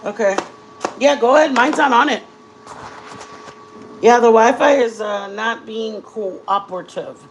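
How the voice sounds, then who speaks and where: A woman's voice: fairly high pitch, measured pace, pauses often, slight background noise, poor audio. A woman in her forties, a vlogger, chatting casually with her viewers while baking at home and telling long stories. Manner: chatty storyteller addressing viewers directly.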